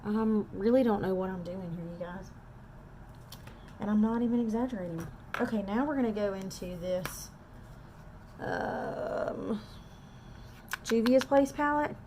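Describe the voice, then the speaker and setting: A woman's voice: mid-range voice, unhurried, long pauses, mellow, a little hiss or hum. A woman, chatting casually and self-deprecatingly to viewers while doing a makeup tutorial at home. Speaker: makeup artist.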